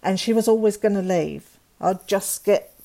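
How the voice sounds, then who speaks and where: A woman's voice: medium pitch, normal speed, creaky, warm tone. A middle-aged woman, a guest telling a painful personal story candidly and acting out the dialogue of others.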